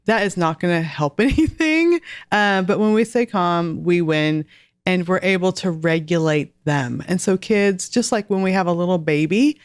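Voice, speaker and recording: A woman's voice: lowish voice, moderate pace, clear, resonant tone, no echo, clean studio sound. A woman in her forties, a guest author and homeschool mom, chatting earnestly in a podcast interview with light laughs.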